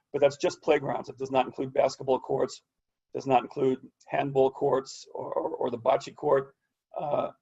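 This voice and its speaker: A man who is losing his voice gives a halting, hesitant report at a video-call meeting, full of restarts and fillers. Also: mid-range voice, dark tone, highs cut off.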